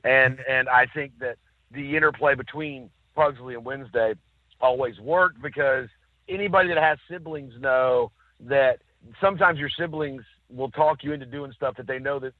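A man co-hosting a casual chat, telling stories with lively acted-out quotes. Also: mid-range voice, moderate pace, no room sound. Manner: animated storyteller, acts out quotes. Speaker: podcast co-host. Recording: dry, tinny phone-like sound.

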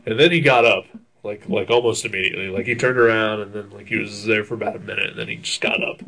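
A man's voice: on the low side, fairly even intonation, quick pace, vocal fry, sharp tone. A young man telling a long story on a casual talk show, rambling with many fillers, laughing often and swearing freely. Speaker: podcast co-host telling a story. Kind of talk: casual chat.

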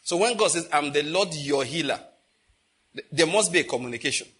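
A middle-aged man, preaching a sermon with lively rhetorical questions. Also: on the high side, fairly quick, breathy edge. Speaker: pastor.

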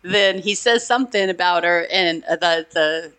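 A woman's voice: lowish voice, moderate pace, fairly bright tone. A woman co-hosting a podcast, chatting casually about an old film, laughing often as she retells scenes. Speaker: podcast co-host.

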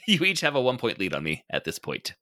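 Lively, bright-voiced man hosting a game. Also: mid-range voice, dry recording, studio quality. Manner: laughs often, self-correcting and chatty. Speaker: podcast host running a game. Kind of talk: casual game-show chat. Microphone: desk microphone.

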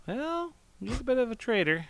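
A man's voice: very high voice, big pitch swings, moderate pace, gravelly, a bit bright. A man chatting casually and joking playfully in a podcast conversation. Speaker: podcast guest. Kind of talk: casual comedic chat.

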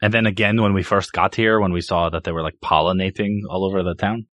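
A man playing a tabletop game who talks in a halting, rambling way, full of restarts. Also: deep voice, steady tone, a bit bright, no echo. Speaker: player. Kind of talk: casual tabletop game play.

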